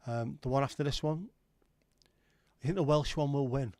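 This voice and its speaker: Chatting casually with his viewers and reading their comments, a male livestream host rambles, jokes, and throws in casual swearing. His voice is medium-pitched and a little mellow, his pace moderate, and the sound has no echo.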